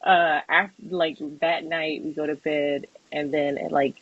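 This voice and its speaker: A young woman with a husky, breathy voice tells a personal story on a podcast and acts out the other people in it. The sound is close and dry with no room echo, and the audio is slightly dull and lo-fi. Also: low voice, measured pace. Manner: animated, acts out quoted voices, laughs often. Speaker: podcast co-host.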